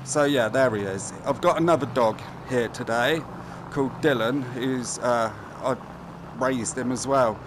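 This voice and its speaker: A man's voice: mid-range voice, measured pace, noisy background. A man giving casual, chatty gameplay commentary; he swears freely and often mutters to himself. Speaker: gaming commentator.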